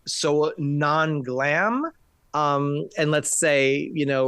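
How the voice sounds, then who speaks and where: A man talking about films in casual chat, quick and enthusiastic, with many restarts. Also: on the high side, fairly bright tone, dry recording. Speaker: film critic.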